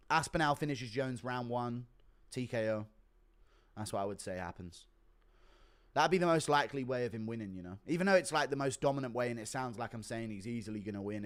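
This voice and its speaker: Man, young, live streamer, reads donations, crude banter, laughs a lot, mid pitch. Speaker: streamer host.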